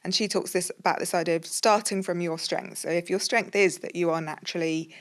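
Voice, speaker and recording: A woman's voice: fairly low pitch, steady tone, brisk. A woman with an English accent, a podcast guest, explaining leadership models thoughtfully with frequent ums and restarts. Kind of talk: casual podcast conversation.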